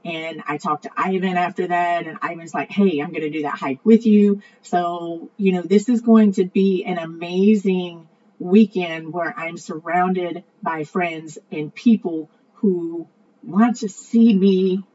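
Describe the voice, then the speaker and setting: A woman's voice: lowish voice, fairly even intonation, a little slow, mellow. A woman earnestly telling a long personal story in an emotional monologue, rambling and repeating her words. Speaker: vlogger sharing a personal story. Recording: dull lo-fi audio with faint ambient noise.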